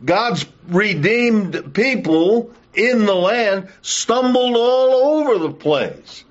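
A man's voice: sits high, expressive, drawn-out words. A man teaching a Bible study lesson and leading prayer, speaking in an earnest, emphatic way with occasional "uh" fillers. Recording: dull lo-fi recording.

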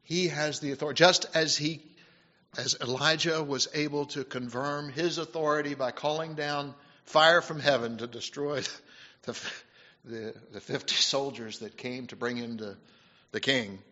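Male preacher, swinging loud to hushed. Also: mid-range voice, steady tone. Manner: halting, with many fillers and restarts. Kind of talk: sermon. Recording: dull lo-fi recording.

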